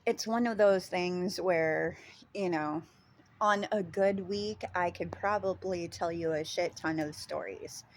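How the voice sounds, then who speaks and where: A woman's voice: lowish voice, slow. A woman with a Minnesota accent chatting casually in a vlog, rambling with lots of ums and casual swearing. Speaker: vlogger. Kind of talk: casual chat.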